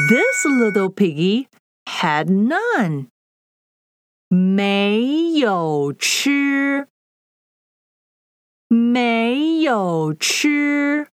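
Slow, sing-song woman teaching children. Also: a little high, a bit bright. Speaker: language teacher. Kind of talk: children's language lesson.

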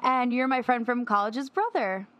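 A woman's voice: fairly high pitch, normal speed, dull audio. A woman podcast host, upbeat and gushing as she interviews a guest. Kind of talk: casual interview.

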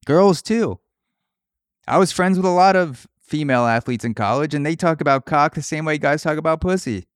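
A man's voice: fairly high pitch, moderate pace, dry recording, clean studio sound. A young man hosting a comedy podcast, ranting crudely and riffing through mock voices for his bits. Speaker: podcast host.

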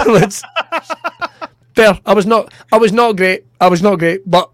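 A Scottish man, a comedian co-hosting a podcast, telling sweary, animated anecdotes in casual chat. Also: sits high, measured pace, dry recording, clean studio sound.

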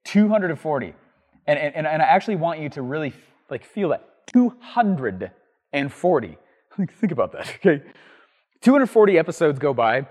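A man hosting a show and teaching entrepreneurs, telling an energetic, rambling story to the camera with plenty of ums and restarts. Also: medium pitch, big-room sound. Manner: writes on a board while talking.

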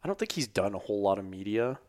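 A man's voice: on the low side, big pitch swings, fast talker, darkish tone, a little hiss or hum. A podcast host chatting loosely and rambling, swearing casually, his voice worn from an earlier recording. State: losing his voice. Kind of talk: casual chat.

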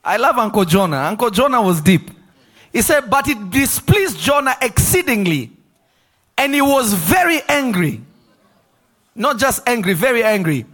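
A man preaches in a church with a high, bright voice that swoops all over. He shouts and acts out the people he quotes, laughing as he goes. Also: very animated, moderate pace. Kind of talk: lively sermon.

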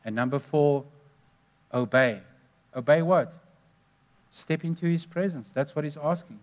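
A man's voice: fairly high pitch, unhurried, pauses often. A man preaching a sermon, telling stories earnestly and stressing numbered points.

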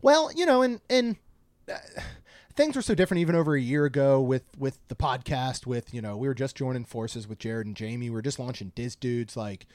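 A man's voice: mid-range voice, brisk, a little mellow, no room sound. A man co-hosting a casual podcast, chatting and joking while reading out a food menu. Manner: chatty, jokey, reads menu items aloud. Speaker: podcast co-host.

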